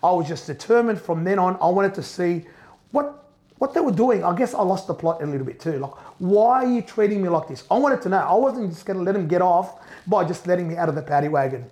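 Middle-aged man, high pitch, heated first-person storytelling. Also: fast. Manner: animated, repeats and restarts, acts out quoted voices. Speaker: business owner telling his story.

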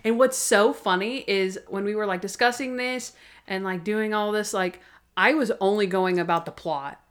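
Woman, podcast co-host, casual recap chat, filler-heavy, quick asides. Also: mid-range voice, steady tone. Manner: chatty, full of "like" and quick asides.

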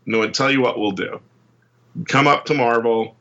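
Excitable man with a lively bright voice. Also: medium pitch, fairly quick, pauses often, lo-fi sound. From England. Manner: rambling, excitable, many restarts and fillers, acts out quotes. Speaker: comic book writer, guest. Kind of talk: casual interview anecdotes.

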